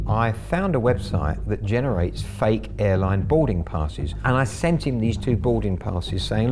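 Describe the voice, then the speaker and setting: A man's voice: fairly low pitch, expressive, unhurried, hardly any pauses, over music. A middle-aged man telling the story of baiting a scammer, in a wry, gleeful interview manner. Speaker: scambaiter.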